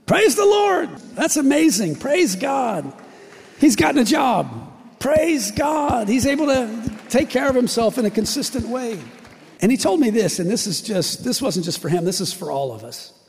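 A man with a high, husky voice preaches an impassioned sermon, moving between hushed lines and shouted declarations. His voice carries a gravelly edge. The sound rings with the long reverb of a church hall. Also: lively intonation, brisk. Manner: impassioned, rising to shouts and dropping to near-whispers. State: emotional. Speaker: pastor.

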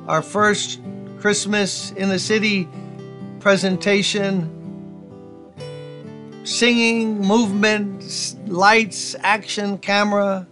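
High-voiced energetic pastor, a man. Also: vocal fry. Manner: folksy, energetic, asides to the congregation. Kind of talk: sermon.

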